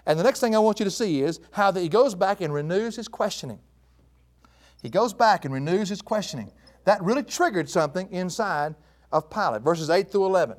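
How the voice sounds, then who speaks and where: Male preacher, sermon delivery, high-pitched and highly expressive, addresses the listeners as folks. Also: brisk. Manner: animated, asks the listeners questions and calls them folks. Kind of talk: expository sermon.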